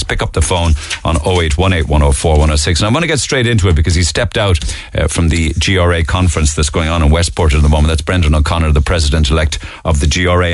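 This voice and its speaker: A man's voice: a bass voice, no room sound. A man from Cork with a Cork Irish accent, hosting morning radio in a chatty, musing way as he goes through the papers. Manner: chatty, musing, reads out newspaper items. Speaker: radio show host. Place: radio studio.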